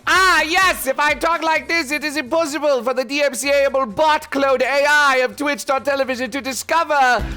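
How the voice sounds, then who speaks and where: A man putting on a shrill, squeaky, mock-pompous voice while streaming, with faint music behind. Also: normal speed, hardly any pauses, bright, forceful tone. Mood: mock-grand. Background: faint music playlist.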